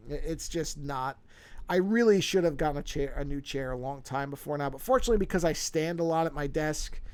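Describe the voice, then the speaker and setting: Gravelly-voiced man rambling on a livestream. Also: fairly high pitch. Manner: rambling, self-interrupting, repeats words. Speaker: streaming artist. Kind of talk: casual livestream chat. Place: home office at his desk. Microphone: desk microphone.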